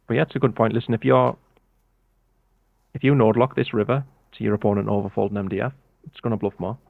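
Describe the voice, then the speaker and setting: A British man coaching poker in a relaxed, step-by-step way over a video call. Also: fairly low pitch, fast talker, vocal fry, no echo. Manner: relaxed, explains step by step with filler "yeah". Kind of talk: casual coaching explanation. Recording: tinny phone-like call audio.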